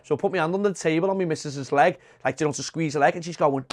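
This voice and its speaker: A man's voice: on the high side, very fast, few pauses, dry recording. Sweary Liverpool man telling stories. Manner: swears freely, animated storyteller. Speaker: podcast co-host. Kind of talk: casual chat.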